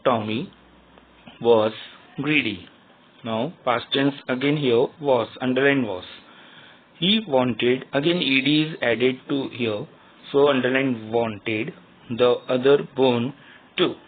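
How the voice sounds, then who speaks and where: A man's voice: mid-range voice, slow, slightly rough. A male teacher giving a grammar lesson to young students, spelling words out letter by letter. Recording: tinny phone-like sound.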